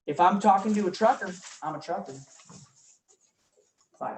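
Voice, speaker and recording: A man teaching a real estate class, energetic and often quizzing his students. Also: high-pitched, measured pace. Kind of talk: live classroom training talk. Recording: roomy room, mic from far off, faint noise.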